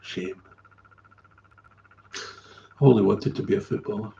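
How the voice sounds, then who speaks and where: A man's voice: fairly low pitch, a little slow, gravelly, warm tone, lo-fi sound. A middle-aged man, telling a candid story as a recovery sponsor, blunt and swearing freely, often trailing off and repeating himself.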